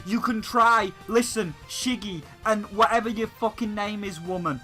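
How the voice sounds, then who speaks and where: Over soft background music on a rough recording, a man hosting a gaming channel rants about a video game in a high-pitched, bright, forceful voice at a moderate pace. The tirade is heated and full of swearing, hammering the same points over and over.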